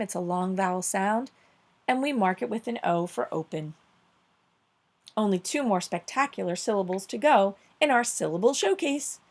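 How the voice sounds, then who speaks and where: A woman teaching a children's phonics lesson, upbeat and encouraging, slowing down to stress each word clearly. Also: medium pitch. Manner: upbeat, encouraging, slow clear emphasis on words.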